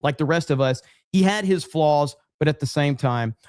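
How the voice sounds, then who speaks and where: A man's voice: fairly high pitch, normal speed, darkish tone, no echo, studio quality. A man hosting a livestream, reading super chats and rambling sarcastically to his chat. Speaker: livestream host. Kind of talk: casual livestream commentary.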